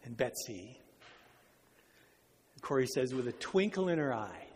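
A man's voice: medium pitch, very animated, a little hiss or hum. Earnest male preacher in a reverberant hall. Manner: earnest, slows down for emphasis. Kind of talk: sermon storytelling.

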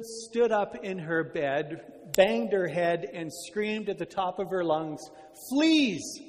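Earnest male preacher in a reverberant hall. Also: fairly high pitch. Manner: earnest, slows down for emphasis. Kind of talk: sermon storytelling.

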